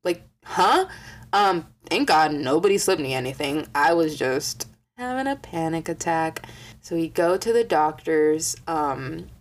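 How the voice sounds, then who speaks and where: Profane, animated young woman. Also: sits low, a little slow. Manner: profane, animated storytelling with mimicked quotes. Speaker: vlogger. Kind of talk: casual storytime vlog.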